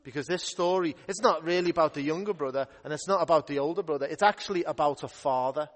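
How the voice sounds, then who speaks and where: A man's voice: on the high side, quick pace. A young man, a youth minister, telling a Bible story to children in a playful, upbeat way in a church hall. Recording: echoey hall with long reverb.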